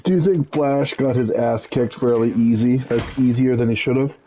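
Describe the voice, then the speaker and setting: A man's voice: medium pitch, normal speed. A man casually commentating while playing a video game with a friend. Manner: relaxed, playful. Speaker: gamer. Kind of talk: let's-play commentary.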